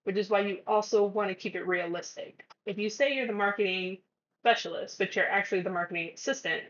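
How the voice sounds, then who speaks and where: Woman vlogger, casual chatty delivery, mid-pitched, slightly muffled home recording. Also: fairly even intonation, brisk. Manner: chatty, acts out conversations. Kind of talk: casual advice vlog.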